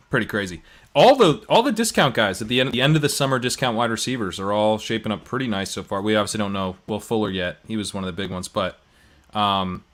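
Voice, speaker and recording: A man co-hosting a casual sports podcast, his voice crisp and forceful in a mid range. He ribs his co-hosts with playful jokes and quick asides. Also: lowish voice. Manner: teasing, joking. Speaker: co-host.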